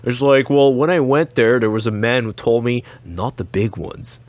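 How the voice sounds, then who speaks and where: A man co-hosting a podcast in casual chat, telling an animated story with acted-out quotes and frequent laughs. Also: mid-range voice, normal speed, dry recording. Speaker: podcast co-host.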